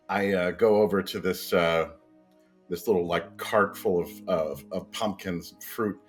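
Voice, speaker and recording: A man's voice: sits low, steady tone, a little slow, soft background music. A man playing a tabletop game, describing his character's stunt in a stumbling, rambling way. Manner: rambling, stumbling, many restarts. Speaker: player. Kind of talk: casual tabletop role-play.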